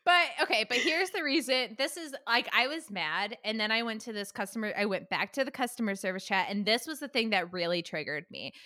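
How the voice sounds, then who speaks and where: Bright-voiced young woman telling a story. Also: a little high, brisk, hardly any pauses, dry recording, studio quality. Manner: animated retelling with acted quotes, swears, laughs often. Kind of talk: casual chat, storytelling.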